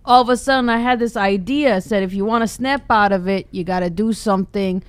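A woman's voice: medium pitch, brisk, smooth, no echo. A woman from Israel, a stand-up comedian, telling stories candidly as a guest on a radio talk show. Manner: candid storytelling, swears. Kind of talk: casual chat.

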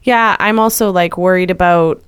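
A woman's voice: fairly low pitch, moderate pace, smooth, no echo, studio quality. A woman co-hosting a podcast in casual chat, laughing often as she tells stories. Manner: laughs a lot, animated storytelling. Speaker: podcast co-host.

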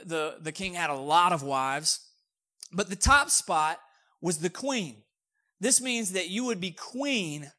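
A man's voice: a little high, bright, forceful tone. A man preaching a sermon in a casual, joking, conversational way. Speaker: pastor.

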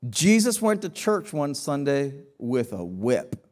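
A man's voice: mid-range voice, big pitch swings, slow, darkish tone. A man preaching a sermon as pastor, emphatic, asking rhetorical questions and often restarting his phrases.

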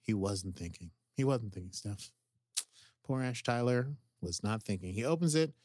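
Excitable rambling male podcast host. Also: lowish voice, normal speed, a little hiss or hum. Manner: excitable, rambling, heavy use of "like". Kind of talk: casual episode recap chat.

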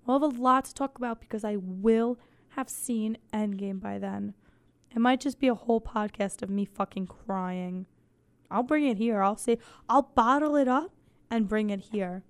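Woman, podcast host, voice going, soft, smooth, fairly high, rambling, swearing, deadpan. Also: moderate pace. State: losing her voice, soft. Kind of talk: casual podcast chat.

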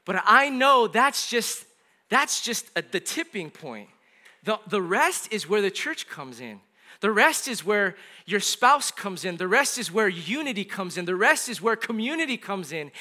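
A man's voice: sits high, pushed and bright. A middle-aged male pastor giving an earnest, conversational sermon, often repeating his phrases.

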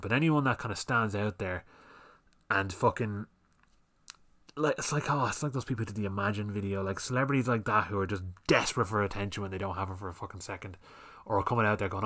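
A man's voice: lowish voice, brisk, a bit bright. Sweary man ranting. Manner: heated, sweary, exasperated ranting. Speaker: podcast host. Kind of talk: solo opinion rant.

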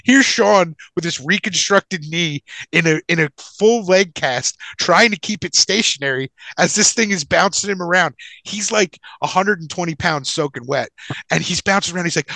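A man's voice: high voice, normal speed, vocal fry, sharp tone, dry recording, poor audio. A man telling a long anecdote on a casual podcast, rambling and profane, full of restarts and asides. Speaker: podcast co-host.

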